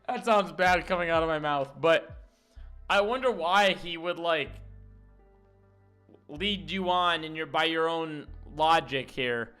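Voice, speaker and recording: A man's voice: fairly high pitch, slow, long pauses, bright, forceful tone, smooth, soft background music. A man streaming and reacting to a video in casual chat, laughing and talking back to the clip in disbelief.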